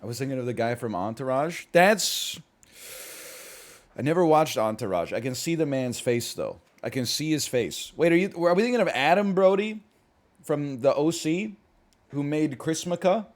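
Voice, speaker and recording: Excitable man chatting with his stream. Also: normal speed. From Canada. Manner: reacts to chat, excitable pitch jumps, rambling asides. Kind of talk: casual live-stream chat.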